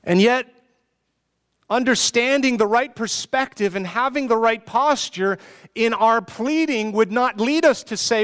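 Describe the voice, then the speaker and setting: A man preaching with a high, smooth, resonant voice. His delivery is earnest and pleading, full of rhetorical questions, and a long reverb from the church hall trails every phrase. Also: fairly bright tone. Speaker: pastor. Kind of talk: sermon.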